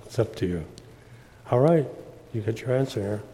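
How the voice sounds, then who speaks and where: A man preaching a sermon slowly and emphatically, breaking into loud sung refrains. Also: mid-range voice, lively intonation, a little hiss or hum. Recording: long hall reverb.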